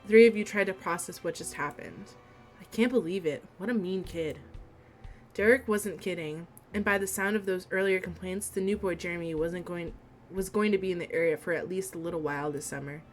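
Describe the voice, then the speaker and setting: A young woman streaming a story game, reading the text and dialogue aloud in a steady voice and breaking into giggles and swearing between lines. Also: on the low side, a little fast, soft background music.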